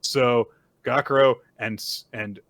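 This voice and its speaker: A man's voice: medium pitch, steady tone, takes it slowly, a bit bright, dry recording. A male podcast host casually recapping a manga chapter, storytelling and acting out the characters.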